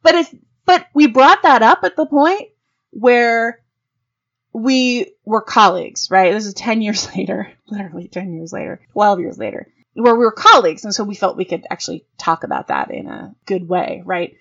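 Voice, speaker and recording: A woman's voice: medium pitch, normal speed, muffled recording. Frank, profane woman podcast host. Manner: frank, profane, animated storytelling with big voice swings for quoted reactions. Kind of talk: casual monologue podcast.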